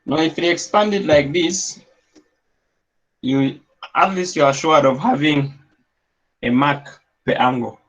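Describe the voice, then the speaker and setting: A maths teacher with a slightly high voice lectures unhurriedly, pausing often, in a dull lo-fi classroom recording. He talks through every step aloud and checks his students' understanding by asking "yes?".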